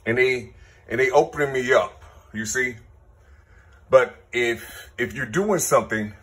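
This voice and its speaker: A man, rambling through a spiritual numerology monologue, counting numbers half-aloud and repeating "you see". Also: fairly bright tone. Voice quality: very husky, slow, low-key. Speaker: self-taught numerology teacher.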